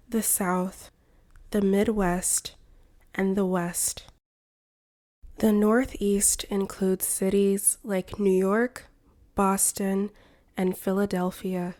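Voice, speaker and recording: A woman from the United States narrating a slow, scripted English lesson for beginners in a clear, careful way. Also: mid-range voice, warm tone. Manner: clear, careful and evenly paced. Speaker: English teacher.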